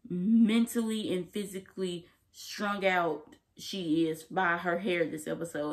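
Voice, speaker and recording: A young woman casually recapping a TV episode to camera, animated and emphatic, full of slang and laughter. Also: fairly low pitch. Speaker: TV episode reviewer.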